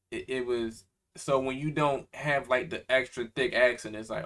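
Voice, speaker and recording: A man's voice: medium pitch, steady tone, measured pace, fairly bright tone. A young man from Baltimore, co-hosting a podcast in casual chat, rambling and swearing loosely. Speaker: podcast co-host.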